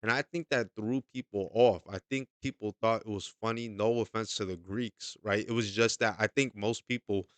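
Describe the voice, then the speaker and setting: A man with a lowish voice talks through a film review in a loose, emphatic way. He repeats points, checks in with "okay?" and swears casually. The sound is dry and close. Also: fairly even intonation, normal speed, few pauses, clean tone, dry recording. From United States. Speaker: movie reviewer.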